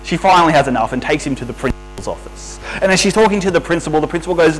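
A man's voice: a little high, expressive, racing, poor audio. A man preaching a sermon in a conversational way, asking the listeners rhetorical questions, over a faint mains hum.

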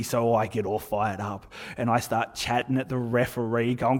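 A man's voice: medium pitch, normal speed, hardly any pauses. Man preaching in a reverberant hall. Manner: conversational, animated storytelling with asides. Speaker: pastor. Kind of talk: sermon.

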